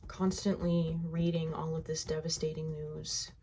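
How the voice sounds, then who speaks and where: A woman guiding a tapping session, speaking slow, heartfelt first-person affirmations that trail off softly at the ends of phrases. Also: sits low, a little hiss or hum. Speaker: EFT tapping guide.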